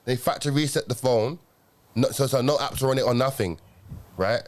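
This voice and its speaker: A man's voice: mid-range voice, a little fast. Young man, podcast host, mid voice, loose rambling delivery full of slang. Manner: rambling storytelling, slang and filler tags like "yeah?". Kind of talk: casual chat.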